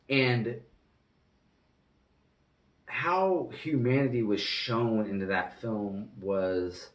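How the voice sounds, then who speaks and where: A man's voice: on the low side, echoey room, far from the mic. A man giving an earnest, rambling, casual reaction to a film as a movie reviewer.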